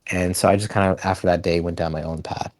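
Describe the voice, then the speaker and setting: A man's voice: deep voice, steady tone, fast talker, darkish tone, no echo. A man being interviewed on a podcast, telling loose rambling stories and laughing as he goes. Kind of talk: casual storytelling interview.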